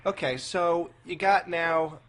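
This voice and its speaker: A man's voice: fairly high pitch, takes it slowly, a bit bright. A man hosting a podcast in casual chat, rambling and asking hesitant questions. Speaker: podcast host.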